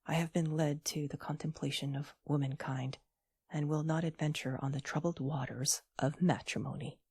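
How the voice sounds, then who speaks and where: A woman voicing a solemn little boy in an audiobook, speaking gravely. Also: low-pitched, steady tone, normal speed, darkish tone, no echo, studio quality.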